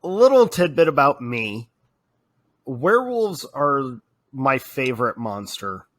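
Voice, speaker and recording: A man's voice: medium pitch, big pitch swings, takes it slowly, fairly bright tone. A young man co-hosting a podcast, chatting casually, laughing often and acting out quotes. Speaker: podcast co-host. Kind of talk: casual chat.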